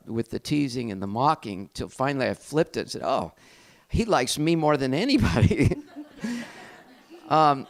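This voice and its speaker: A middle-aged man, a pastor, telling a personal story in a candid, reflective and self-deprecating way. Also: medium pitch. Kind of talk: personal testimony talk.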